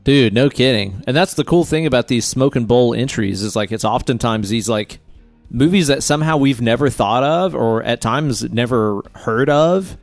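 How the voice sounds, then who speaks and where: A man's voice: medium pitch, lively intonation, normal speed, dry recording, faint music behind. A man co-hosting a podcast in casual chat, joking and swearing freely. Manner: profane, laughing, joking. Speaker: podcast co-host.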